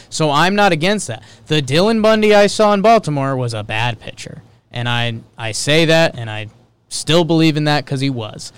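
Excitable male baseball podcast host. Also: clear, resonant tone. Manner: excitable, jumps into high pitch for emphasis. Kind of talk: casual sports talk.

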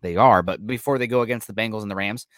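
A man with a somewhat low but bright, forceful voice, recorded dry and close. He talks football fast and analytically, packing in jargon between fillers, in casual podcast chat. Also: no room sound. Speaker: podcast co-host. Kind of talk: casual sports talk. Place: Seattle area.

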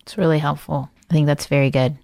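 A woman co-hosting a casual parenting chat, a mother with practical, brisk asides. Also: low-pitched, fairly even intonation, creaky, a little mellow, no room sound, clean studio sound. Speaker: podcast co-host, mother.

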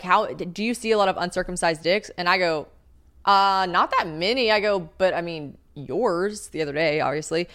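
A woman's voice: medium pitch, fairly bright tone, clear, resonant tone. Young woman telling a candid story. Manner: candid, storytelling with acted-out quotes. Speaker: podcast host. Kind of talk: casual chat.

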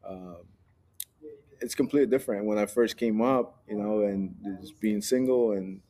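A ballplayer from Puerto Rico, a man with a fairly low voice. He answers in a relaxed, easygoing interview manner, laughing often and restarting sentences as he goes. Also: moderate pace. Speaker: guest ballplayer.

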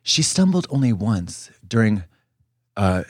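A man co-hosting a podcast in casual chat, campy and rambling, telling stories with drawn-out quotes. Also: on the low side, big pitch swings, no room sound, clean studio sound. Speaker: podcast co-host.

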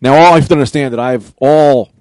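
A man co-hosting a podcast, casually telling a lively story and acting out the voices of the people in it. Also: mid-range voice, quick pace, dry recording, studio quality. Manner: animated, acts out voices while telling a story. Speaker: podcast co-host.

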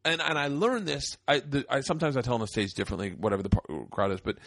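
A podcast host tells a story in casual, profane chatter, raising his voice to act out the quotes. He talks fast in a mid-range, fairly bright voice. The sound is clean studio audio with no room sound.

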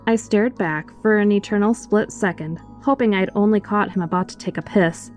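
A woman reading a first-person horror story aloud in an expressive, scripted storytelling voice, with faint music behind her. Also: mid-range voice, moderate pace.

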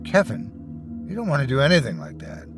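A man's voice: on the high side, sing-song, brisk, over music. A man voicing a nervous, pushy salesman who stammers and tries to placate an angry customer, in a spoken horror story. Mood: frightened.

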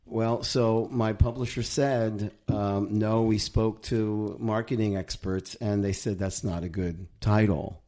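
A man who is a rabbi and author speaks as a guest in an interview, reflecting gently like a teacher. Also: on the low side, fairly even intonation, slow pace, hardly any pauses. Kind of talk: conversational interview.

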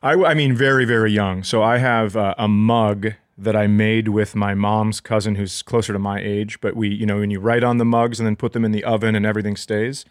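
A man's voice: on the low side, fairly even intonation, fairly quick, few pauses, no echo. A man in his forties from Minnesota, a comedian guest talking in a laid-back, dry way with short answers. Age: 40s. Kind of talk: casual interview.

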